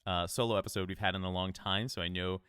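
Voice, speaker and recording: Podcast host, male, low clear voice, relaxed coaching talk, dry close mic. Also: fast talker, dry recording. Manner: casual, conversational, upbeat coaching. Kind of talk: solo podcast advice talk.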